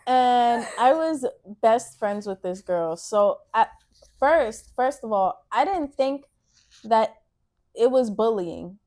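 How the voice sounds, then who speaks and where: A woman's voice: on the high side, slow, dark tone, a little hiss or hum. A young woman co-hosting a casual chat, bluntly teasing her friend and telling a school story with acted-out quotes. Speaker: co-host.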